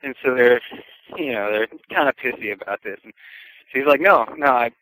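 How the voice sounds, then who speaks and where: A man casually telling a long anecdote, chatty and relaxed, acting out the voices of the people in it. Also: mid-range voice, fairly quick, no echo, rough recording. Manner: relaxed, chatty, acts out quoted voices, chuckles. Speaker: storyteller. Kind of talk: casual podcast storytelling.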